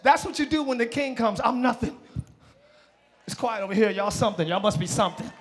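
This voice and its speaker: A male pastor preaching a live church sermon, exhorting and shouting to the congregation, then dropping into quieter conversational asides. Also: high voice, expressive, quick pace. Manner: drops to a quiet conversational tone between shouted passages. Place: church sanctuary.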